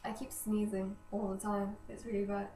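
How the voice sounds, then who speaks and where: A woman's voice: medium pitch, level tone, moderate pace, mellow. A young woman with a cold, chatting in a rambling, self-deprecating way as a vlogger in a hallway. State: nasal from a cold. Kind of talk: casual vlog chat. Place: indoor hallway outside a bedroom. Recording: echoey hallway, distant camera, faint hiss.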